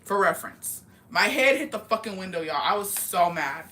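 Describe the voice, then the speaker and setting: A young woman telling a gossip story on her vlog, animated and full of profanity. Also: medium pitch, normal speed. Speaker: vlogger.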